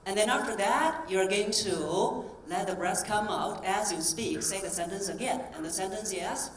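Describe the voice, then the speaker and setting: A woman voice coach giving a live stage talk, coaching the audience through breathing exercises in a clear, encouraging tone. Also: medium pitch, moderate pace, few pauses. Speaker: voice coach and keynote speaker. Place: convention hall stage. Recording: roomy hall sound from a distance.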